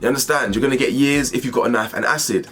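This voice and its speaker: A man's voice: mid-range voice, very fast, a bit bright, faint music behind. A man hosting a commentary channel, speculating about a video in a conversational way with rhetorical questions.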